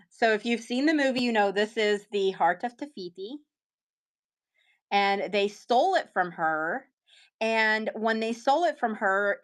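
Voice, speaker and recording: A woman hosting a casual live stream to sell her handmade pieces, talking in a chatty, excitable way with plenty of fillers. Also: a little high.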